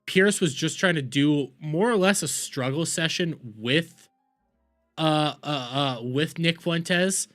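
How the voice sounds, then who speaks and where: Brief: profane, rambling reaction streamer at mid pitch. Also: slow, a bit bright, faint music behind. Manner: profane, rambling, scrolls while talking. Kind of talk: casual reaction commentary.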